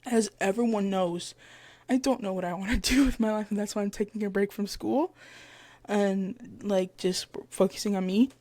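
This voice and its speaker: A woman's voice: mid-range voice, moderate pace, dry recording. A woman in her twenties hosting her own podcast, casually retelling stories and acting out the people in them. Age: 20s. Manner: chatty, retells stories with lively quoted voices. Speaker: podcast host. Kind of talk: casual solo podcast chat. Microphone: headphones with mic.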